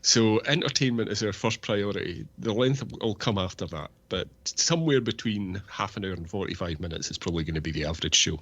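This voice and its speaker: A man's voice: on the low side, fairly quick, hardly any pauses, fairly bright tone, muffled recording. A man, a podcast co-host, speaking frankly in casual chat.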